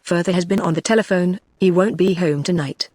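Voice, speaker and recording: A woman's voice: lowish voice, fairly even intonation, fairly quick, a little mellow, dry recording, studio quality, close to an everyday voice. A woman reading as a jealous young sister. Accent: British English. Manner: evenly read, synthetic delivery.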